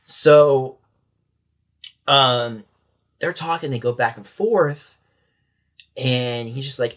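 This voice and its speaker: A man's voice: medium pitch, slow pace, long pauses, fairly bright tone. Matter-of-fact man recounting a story. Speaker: sheriff's corporal, podcast guest. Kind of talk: interview storytelling.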